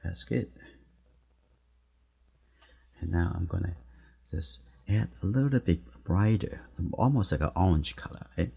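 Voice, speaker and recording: Deep husky guy talking thru a watercolor demo, short soft encouraging bits, kinda muffled recording. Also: lively intonation, moderate pace. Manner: soft-spoken, encouraging, talks while painting in short phrases. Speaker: watercolor teacher. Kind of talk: live painting demonstration.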